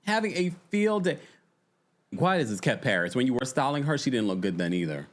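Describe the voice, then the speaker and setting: A man's voice: mid-range voice, brisk, noisy background. A man hosting a casual reality TV recap, exasperated and chatty, reacting to his viewers. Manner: exasperated, animated, chatty, talks to the chat. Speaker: podcast host.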